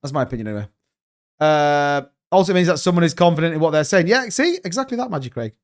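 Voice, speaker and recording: A young man hosting a crypto live stream, talking fast and excitedly in a rambling, casual way while reading viewer comments. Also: fairly high pitch.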